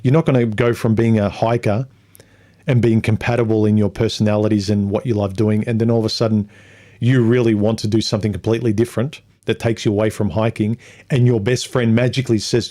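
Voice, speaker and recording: A man's voice: lowish voice, level tone, brisk, dark tone. A man hosting a livestream, reading viewer comments and talking through them in a rambling way, sometimes mocking others in put-on voices. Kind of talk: casual livestream monologue.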